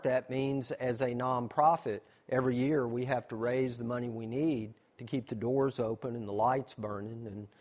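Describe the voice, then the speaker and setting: Man, nature center presenter, mid-pitched, explains step by step, asks questions then answers them. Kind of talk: slideshow presentation.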